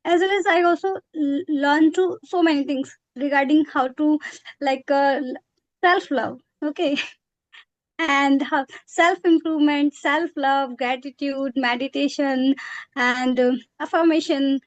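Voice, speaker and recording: A woman's voice: sits high, fairly even intonation, unhurried, no room sound, dull audio. A woman, chatting in a practice conversation and hesitating often with fillers and self-corrections. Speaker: English practice partner.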